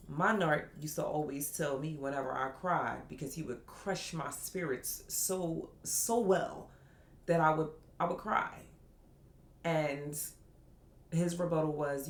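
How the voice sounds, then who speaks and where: A woman hosting a personal podcast, reciting slow affirmations and speaking candidly. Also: low-pitched, reverberant. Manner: slow, soothing affirmations, then candid storytelling. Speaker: podcast host.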